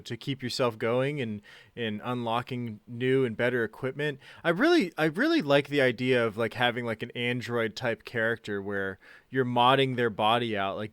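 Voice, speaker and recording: Easygoing podcast dude agreeing a lot, average pitch, dry close sound. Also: male voice, a bit bright, smooth, no echo. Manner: upbeat, agreeable, repeats himself. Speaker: podcast co-host. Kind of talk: casual chat.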